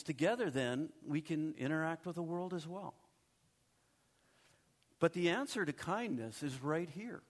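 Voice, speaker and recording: Middle-aged pastor guy giving a sermon, kinda high voice, talks like he's chatting with the crowd, lots of "okay?". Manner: conversational preaching with asides and tag questions.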